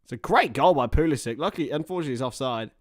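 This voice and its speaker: A man's voice: mid-range voice, animated, rapid-fire. A man giving casual, chatty live commentary on a football match while talking to his viewers. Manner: chatty, reacts to viewer chat between play-by-play.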